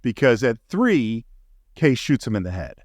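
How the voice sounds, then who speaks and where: A man's voice: mid-range voice, sing-song, normal speed, no echo, clean studio sound. Enthusiastic man recapping a film. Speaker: podcast co-host. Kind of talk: casual film discussion.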